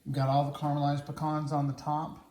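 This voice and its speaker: A man's voice: fairly high pitch, completely flat delivery, fast talker, mellow, echoey room. A man hosting a casual home cooking demo, chatty and playful as he talks to viewers. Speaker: cooking channel host. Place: home kitchen.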